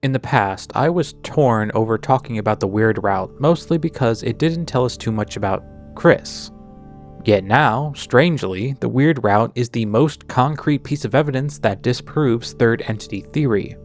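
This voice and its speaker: A man's voice: medium pitch, lively intonation, normal speed, faint music behind. A man narrating a character analysis of a video game in a chatty way, drifting into tangents and sarcastic asides. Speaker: video essayist.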